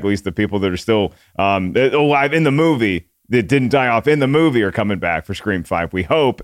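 Smooth-voiced male podcast host. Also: fairly low pitch, no echo, studio quality. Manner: upbeat, playful host patter with puns. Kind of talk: casual podcast chat.

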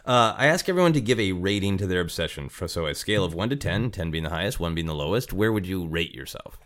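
A man with a very low voice hosts a podcast interview. He asks his questions in a playful, joking way. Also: lively intonation, fast. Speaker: podcast host. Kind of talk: casual interview chat.

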